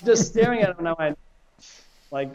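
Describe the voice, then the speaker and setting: A man's voice: high-pitched, a little fast, over a noisy crowd. Man telling a wild story, slightly muffled. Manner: animated, swearing, laughing through the story. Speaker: podcast guest musician. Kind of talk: casual storytelling.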